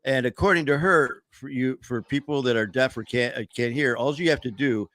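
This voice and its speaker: Casting: male host, middle pitch, dry close sound, loose rambling chat. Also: a little fast, few pauses, a bit bright, no echo. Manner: rambling, with many fillers and restarts. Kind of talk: casual chat.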